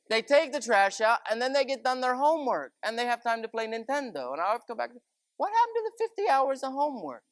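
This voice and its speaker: This preacher has a high-pitched, sharp-toned voice, captured in a dry recording. His sermon is conversational and folksy, wandering through stories and asides sprinkled with "you know".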